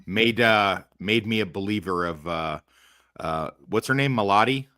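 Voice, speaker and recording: A man's voice: fairly low pitch, moderate pace, sharp tone, dry recording, studio quality. A man hosting a casual watch-along chat, crude and joking, often stalling on fillers.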